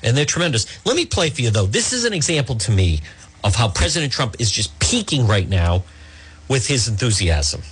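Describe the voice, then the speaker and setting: A man's voice: medium pitch, big pitch swings, a little fast, slight background noise. A man hosting a talk radio show, speaking in an emphatic monologue and often restarting or repeating words.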